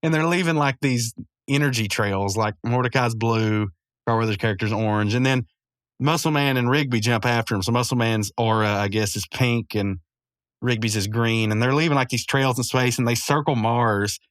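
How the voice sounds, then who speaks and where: A man's voice: medium pitch, moderate pace, fairly bright tone, no echo, studio quality. A man recapping a cartoon episode in a rambling, casual way, chuckling often and full of fillers. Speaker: podcast host.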